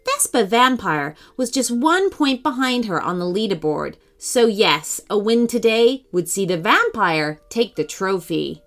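A woman narrating a children's story in an expressive, animated reading voice. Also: medium pitch, unhurried, hardly any pauses.

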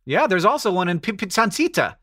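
A man's voice: high-pitched, very animated, bright, forceful tone, dry recording, clean studio sound. A man co-hosting a podcast, joking and laughing in casual comedic chat. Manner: laughing, playful, quick-talking. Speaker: podcast co-host.

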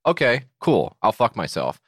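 A man's voice: mid-range voice, huge pitch swings, moderate pace, breathy edge, dry recording. A man co-hosting a comedy podcast, telling a story with big rises and falls in his voice. He swears freely and acts out both sides of phone calls. The sound is dry and close to the mic. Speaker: podcast co-host. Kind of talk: casual comedic chat.

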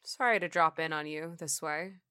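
A woman voicing a young husband who speaks calmly and gently, in an audiobook reading. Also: sits low, normal speed, clear, resonant tone, dry recording, clean studio sound. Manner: soft, calm reassurance. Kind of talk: audiobook character voice.

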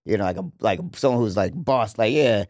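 A young man co-hosting a podcast in casual chat, relaxed and slangy, working out his thoughts aloud. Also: lowish voice, fairly quick, no echo, studio quality. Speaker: podcast co-host.

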